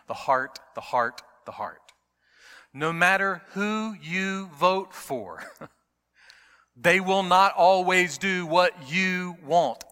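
A middle-aged male pastor preaching a sermon, swinging between hushed moments and emphatic, rising passages. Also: fairly high pitch. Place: church sanctuary. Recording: long reverb of a large hall.

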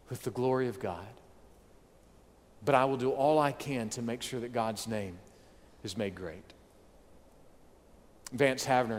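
A man preaching a sermon, acting out what the crowd thought in lively, rising voices. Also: in a large hall. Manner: animated preaching, acts out crowd voices with rising pitch and volume. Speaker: pastor.

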